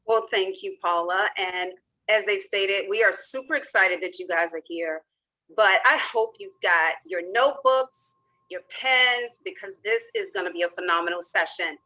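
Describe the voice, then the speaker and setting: An energetic woman from the American South moderating a webinar and introducing her guest with enthusiasm. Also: medium pitch, moderate pace, poor audio.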